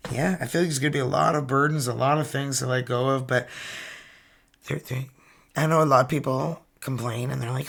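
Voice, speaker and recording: Animated man, gravelly voice. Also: mid-range voice, a little fast. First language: French. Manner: animated, teasing and chatty. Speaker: tarot reader. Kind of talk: casual tarot reading.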